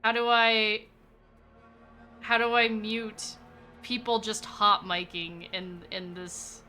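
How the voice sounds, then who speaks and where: A woman's voice: mid-range voice, little pitch movement, slow pace, sharp tone, faint music behind. A young adult woman streaming a game live, chatting casually, swearing freely and yelping when startled. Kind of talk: casual chat while gaming live.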